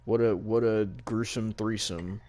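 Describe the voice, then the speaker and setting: A man's voice: lowish voice, fairly even intonation, unhurried, mellow. A man co-hosting a casual wrestling review, ranting in exasperation and swearing freely. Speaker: podcast co-host.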